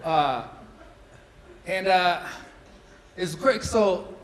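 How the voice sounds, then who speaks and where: A man's voice: sits high, lively intonation, extremely slow, rough recording. A man in his thirties doing a stand-up comedy set, chatty and self-deprecating, with lots of fillers. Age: 30s. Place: large hall with a live audience. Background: audience laughter.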